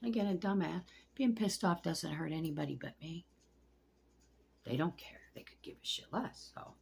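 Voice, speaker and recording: A woman's voice: on the low side, expressive, moderate pace, vocal fry, husky. A middle-aged woman venting at home in a casual vlog, blunt and profane, rambling from one gripe to the next. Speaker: vlogger. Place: at home among pet turtles.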